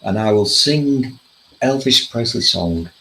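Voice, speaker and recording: A man's voice: on the low side, lively intonation, slow, gravelly, sharp tone, a little hiss or hum, rough recording. A man hosting a casual chat about news and politics, joking and laughing often. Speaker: host.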